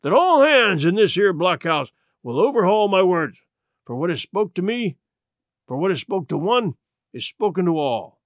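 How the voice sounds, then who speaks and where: A man voicing a gruff one-legged pirate cook who talks in rough sailor dialect and blusters threats. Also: fairly high pitch, expressive, a little slow, bright, forceful tone, no room sound, studio quality, heavily acted. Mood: wheedling.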